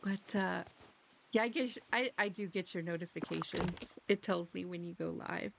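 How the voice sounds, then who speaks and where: Giggly woman streamer with vocal fry. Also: on the low side, moderate pace, background noise. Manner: giggly, rambling, self-deprecating. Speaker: game streamer. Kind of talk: casual live-stream chat.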